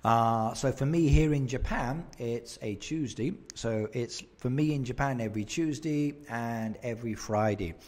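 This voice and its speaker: A man's voice: medium pitch, measured pace, hardly any pauses, darkish tone. A man chatting casually on a live game stream, answering viewer comments and laughing often into a desk microphone at home. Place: home streaming setup in Japan.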